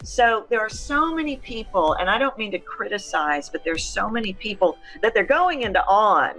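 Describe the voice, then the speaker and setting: A woman's voice: mid-range voice, very animated, normal speed, fairly bright tone, faint music behind. A middle-aged woman, a voice coach, answering interview questions in an emphatic, teacherly way. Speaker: voice coach guest.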